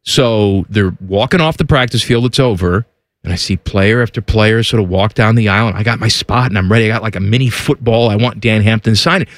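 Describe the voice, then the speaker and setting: A man's voice: lowish voice, brisk, no echo. A man hosting a radio show in a studio, telling a story in casual chat and acting out the quotes. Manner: animated storyteller, acts out quotes. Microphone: studio microphone.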